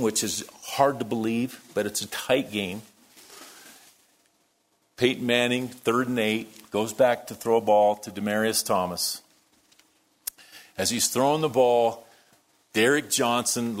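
A man preaching a sermon, telling a story that moves between quiet, hushed lines and loud, worked-up ones. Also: fairly low pitch. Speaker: pastor.

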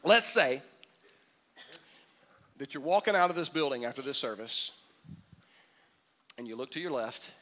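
A man's voice: mid-range voice, lively intonation, unhurried, long pauses, sharp tone. A man preaching a sermon as pastor, conversational and humorous, asking the congregation for responses. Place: church auditorium.

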